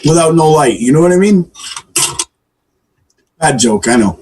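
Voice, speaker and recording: A man's voice: lively intonation, measured pace, background noise. A man telling long, bad jokes on a livestream as a guest, acting out the characters and apologizing for them. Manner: jokey, self-deprecating, acts out characters with pitch jumps. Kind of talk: casual joke-telling on a livestream.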